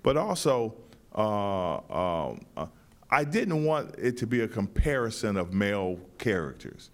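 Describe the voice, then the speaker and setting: A man who wrote and staged the play, answering interview questions in a thoughtful, halting way with many restarts. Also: fairly low pitch, sing-song. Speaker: playwright and director.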